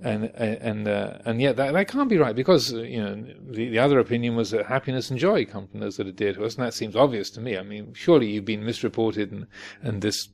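A man doing a blustering, gravelly old king. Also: lowish voice, darkish tone. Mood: indignant. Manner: blustering, halting. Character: proud, stubborn male king.

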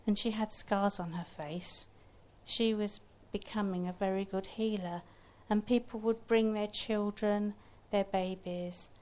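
Woman storyteller, warm-paced folktale telling, gentle with small restarts. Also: mid-range voice.

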